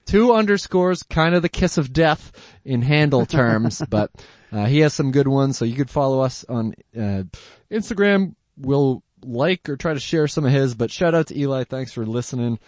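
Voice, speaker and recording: A man's voice: mid-range voice, lively intonation, normal speed, hardly any pauses, a little mellow, no echo. A man co-hosting a casual podcast chat, rambling and laughing often, from the Boston area. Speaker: podcast co-host.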